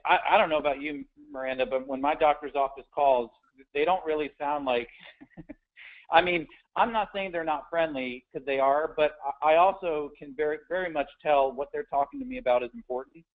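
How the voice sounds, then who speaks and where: A man's voice: fairly high pitch, normal speed. A man coaching sales agents on phone scripts in a conversational, direct way, often restarting his words. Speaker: sales trainer. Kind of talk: instructional talk on phone scripts. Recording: tinny phone-like audio.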